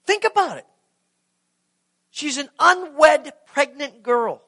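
High, bright-voiced man preaching. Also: takes it slowly. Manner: animated, acts out the scene. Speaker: pastor. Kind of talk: sermon.

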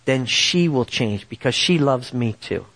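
A man voicing a calm, gentle God as he retells a moment in his sermon, speaking slow, low and soft.

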